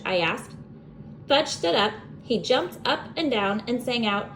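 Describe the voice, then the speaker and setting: A young adult woman reading a children's book aloud as a bedtime story, expressive and animated. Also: lowish voice, moderate pace, a little hiss or hum.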